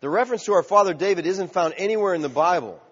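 High-voiced man preaching in a reverberant hall. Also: expressive, quick pace, husky. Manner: preaching, rising to loud shouted cries; asks the congregation questions. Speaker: pastor. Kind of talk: sermon. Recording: dull sound with long hall reverb.

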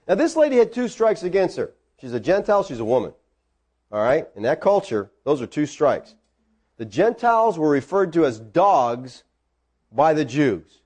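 A man preaching a sermon, animated and acting out the voices of the people in the story. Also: high-pitched.

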